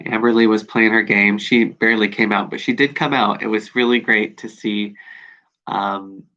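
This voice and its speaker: A man recording a personal video journal, talking in a reflective, halting way with many pauses and fillers. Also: fairly low pitch, a bit bright. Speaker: video diarist. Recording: dull lo-fi recording.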